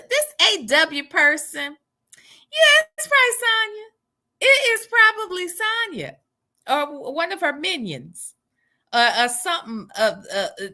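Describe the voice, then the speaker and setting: A woman hosting a live stream, chatting casually and sassily and reading comments aloud. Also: high-pitched. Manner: animated, sassy, reads comments aloud.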